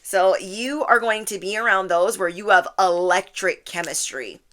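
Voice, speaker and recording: Bright-voiced animated woman reading tarot. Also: mid-range voice, normal speed, few pauses. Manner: animated, quotes listeners in playful voices, laughs often. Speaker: tarot reader.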